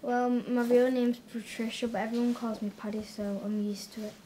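A teenage girl playing a quiet, mild-mannered teenage girl. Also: a little high, flat delivery, moderate pace, a little hiss or hum, lightly acted. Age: teens. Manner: soft-spoken, mild. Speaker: amateur youth actor.

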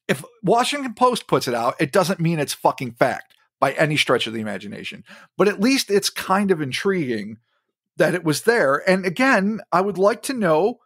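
A man's voice: fairly high pitch, no echo, clean studio sound. A man co-hosting a podcast in casual chat, rambling and swearing freely as he talks. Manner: profane, rambling and animated. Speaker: podcast co-host.

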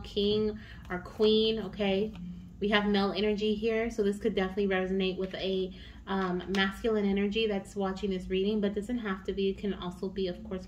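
A woman's voice: medium pitch, a little hiss or hum. A woman giving a tarot reading to her viewers, chatty and encouraging, often checking in with "okay?". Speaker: tarot reader.

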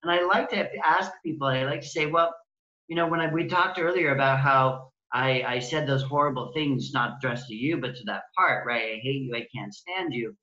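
A man speaking as a guest healing practitioner, gentle and compassionate, voicing kind words he would say to his own pain. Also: medium pitch, moderate pace, reverberant, highs cut off. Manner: gentle, compassionate, acts out inner dialogue. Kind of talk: interview, conversational.

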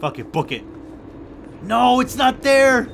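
Young guy yelling and cursing over a horror game, high bright voice, huge pitch swings. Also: sing-song, slow, creaky, a little hiss or hum. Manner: swings from hushed muttering to loud shouting and swearing. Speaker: gaming YouTuber. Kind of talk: live gameplay commentary.

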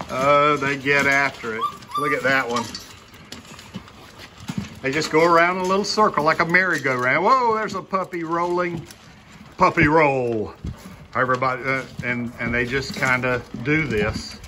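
A man's voice: mid-range voice, bright, forceful tone, a little hiss or hum. A man hosting a casual vlog at his kennel, chatting in an amused way while he shows puppies at feeding time and promotes his training system. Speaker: dog breeder and channel host.

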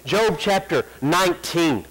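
High-pitched preacher guy in a church, swells up and stretches out the prayer lines. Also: animated, a bit bright, husky, rough recording. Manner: preaching with rising emphasis, drawn-out quoted prayers. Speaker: pastor. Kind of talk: sermon. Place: church sanctuary.

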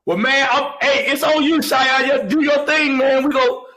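A man's voice: very high-pitched, fairly even intonation, normal speed, crowd noise, poor audio. A man hosting a live talent show, exuberant and full of exclamations and laughter as he introduces his guests.

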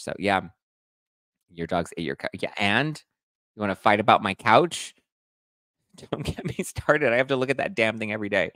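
A man hosting a casual live stream, reading viewer comments aloud with animated mock outrage. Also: lowish voice, moderate pace, no echo, studio quality. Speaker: host reading live chat.

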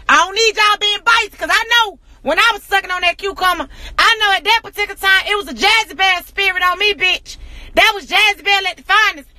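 High, bright, fiery woman ranting. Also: dry recording. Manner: profane, confrontational, repetitive rhetorical questions. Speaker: social media personality. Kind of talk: angry rant to camera.

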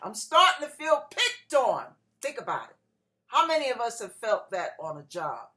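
A middle-aged woman pastor preaching with a bright, lively edge to her voice. She sits a little high for a woman and tells her story in an animated way, acting out the voices of the people in it. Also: moderate pace. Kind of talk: sermon with personal story.

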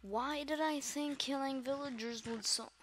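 Excitable woman narrating a game. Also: high voice, a little hiss or hum. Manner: excitable, repeats words in rapid bursts; dramatic, talks straight to viewers. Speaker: gamer host. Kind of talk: let's-play commentary.

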